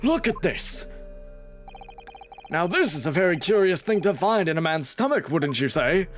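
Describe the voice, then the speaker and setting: A man's voice: a little high, sing-song, moderate pace, soft background music, voice pushed up. A man doing a wheezy deaf old doctor. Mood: cranky. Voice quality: wheezy, shouting.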